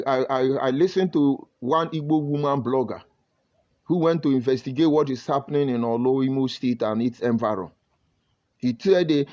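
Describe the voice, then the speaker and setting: This online broadcaster, a Nigerian man with a matching accent, preaches emphatically on his live stream and reads out viewers' comments as he greets them. His slightly high, darkish voice comes through with the highs cut off.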